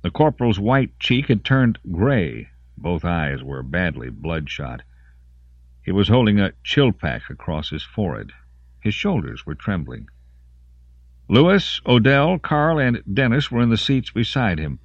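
A man narrating an audiobook in an expressive voice, lingering on grim detail. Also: sits low, no echo, highs cut off. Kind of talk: scripted narration.

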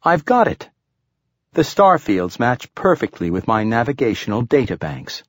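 A man's voice: medium pitch, sing-song, normal speed, no echo, studio quality. A man voicing a polite, chirpy talking bracelet computer that speaks in a precise, formal, helpful way. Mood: eager.

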